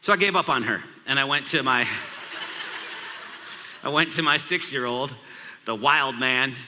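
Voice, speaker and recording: A man's voice: mid-range voice, measured pace, noisy background. A man in his thirties, a pastor, telling a humorous family story in a sermon. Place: large church auditorium. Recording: long hall reverb.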